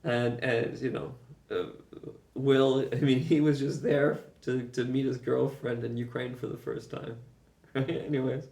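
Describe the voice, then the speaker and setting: A man's voice: medium pitch, gravelly, darkish tone. A man casually recounting his own journey, rambling and emphatic, swearing and chuckling often. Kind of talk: casual first-person storytelling. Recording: roomy echo, mic far off.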